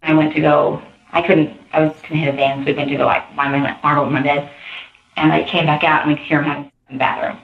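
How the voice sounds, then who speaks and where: A woman in a police interview, telling her story in a rambling, animated way. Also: deep voice, fast talker. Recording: muffled roomy interview tape.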